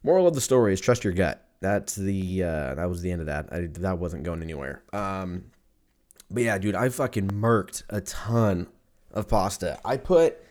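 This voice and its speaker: A man's voice: lowish voice, darkish tone. A man hosting a podcast, rambling through a crude, self-mocking comedic monologue with lots of swearing. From Armenian and German heritage.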